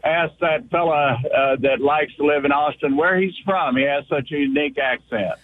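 A man's voice: a little high, moderate pace, dry recording. An older man calling in to a radio show, folksy and blunt, lecturing the guest. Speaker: caller. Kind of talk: call-in radio comment. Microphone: telephone. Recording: tinny phone line.

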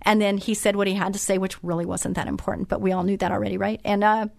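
A woman's voice: medium pitch, little pitch movement, fast, creaky, a little mellow, no echo, clean studio sound. A middle-aged woman hosting a radio show, chatting in a motherly way with many fillers and restarts. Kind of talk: casual chat.

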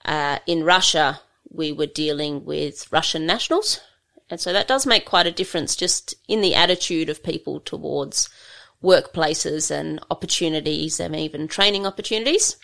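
An Australian woman, a livestock handling trainer, telling stories in a relaxed, rambling way with many fillers. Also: low-pitched, normal speed, creaky. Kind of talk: conversational storytelling.

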